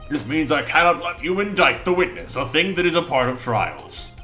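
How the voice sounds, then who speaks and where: A man voicing a stern older male judge in a game, making slow, formal pronouncements. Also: mid-range voice, sing-song, sharp tone, soft background music, pitched above the performer's own voice. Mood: solemn.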